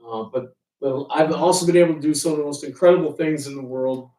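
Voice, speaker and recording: A man tells stories from his flying career to an audience, acting out the exchanges he quotes. His voice sits a little high. He is recorded from across an echoey room. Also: fast, mellow, recorded from a distance. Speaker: ferry pilot and author giving a talk. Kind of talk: storytelling talk to an audience.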